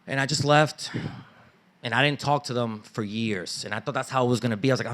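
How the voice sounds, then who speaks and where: A man's voice: mid-range voice, a little fast. A man telling a personal story live on stage at a story slam, casual and slangy, acting out family members' lines. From Dominican family background. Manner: animated, acts out family members' lines in raised voices; casual street slang and swearing.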